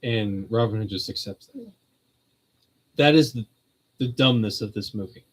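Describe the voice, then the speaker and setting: A man's voice: fairly low pitch, moderate pace, breathy edge, low-quality recording. Rambling, chatty male stream host. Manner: rambling and conversational, laughs often. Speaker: host of a streamed religious talk. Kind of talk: casual chat.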